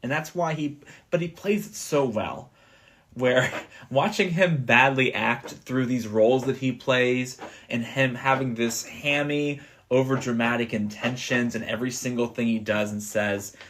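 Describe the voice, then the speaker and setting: A man's voice: medium pitch, unhurried, fairly bright tone. A man co-hosting a casual movie podcast, earnest and enthusiastic, often restarting his sentences. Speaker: podcast co-host.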